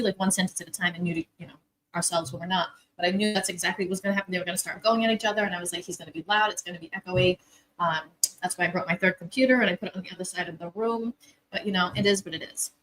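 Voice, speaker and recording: A woman co-hosts a casual livestream, rambling along while she sorts out screens and muting. Her voice is at a middle pitch and easygoing. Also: fairly bright tone, poor audio. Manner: rambling, fumbling with tech. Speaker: co-host.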